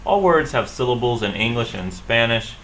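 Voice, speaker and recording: A man from South Carolina teaching a Spanish class, explaining pronunciation slowly and patiently and repeating example words. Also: mid-range voice, expressive, fairly bright tone, slight background noise, rough recording.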